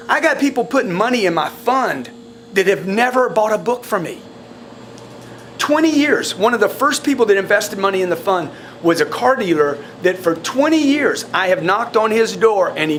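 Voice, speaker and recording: A man coaching his sales team in a blunt, forceful way, often repeating words. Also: sits high, expressive, a little fast, a little hiss or hum. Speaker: sales trainer.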